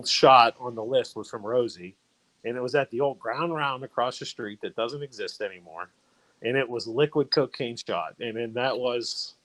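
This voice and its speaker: A man's voice: medium pitch, fairly bright tone, poor audio. Rambling man telling old stories. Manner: rambling, many fillers and restarts. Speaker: fraternity brother sharing memories. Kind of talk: casual storytelling.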